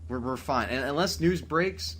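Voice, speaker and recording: A man hosting a late-night gaming podcast, excitable and swearing freely, tired at four in the morning. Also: mid-range voice, moderate pace, slight background noise. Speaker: podcast host.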